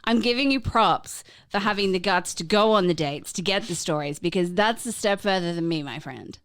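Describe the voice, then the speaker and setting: A woman's voice: lowish voice, fairly bright tone, clean tone. A woman hosting a casual podcast chat, teasing and reacting eagerly to her guest. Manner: teasing, chatty, quick to react. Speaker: host.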